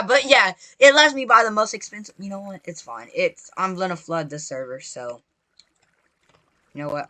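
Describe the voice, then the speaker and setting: Excitable young gamer yelling to viewers. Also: medium pitch. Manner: excitable, addresses viewers constantly, bursts into shrieks when startled; repetitive, chatty, playful slang. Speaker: gaming video creator. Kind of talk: live gameplay commentary.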